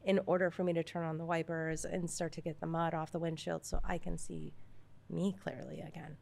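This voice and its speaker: A woman co-hosting a recovery podcast, thoughtful and affirming, often pausing with fillers. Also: sits low, flat delivery, gravelly, darkish tone. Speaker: podcast co-host, recovery meeting leader. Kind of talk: casual podcast conversation.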